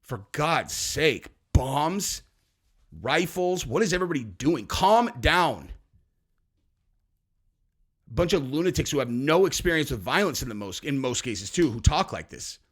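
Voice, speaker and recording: A male podcast host delivers a heated political rant. His voice sits a little high, and he scolds and curses freely as he lectures his listeners. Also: big pitch swings, measured pace.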